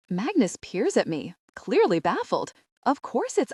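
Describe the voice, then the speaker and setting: A woman narrating a romantic comedy audiobook in the first person, animated and exasperated. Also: fairly low pitch, normal speed, husky, no room sound, studio quality.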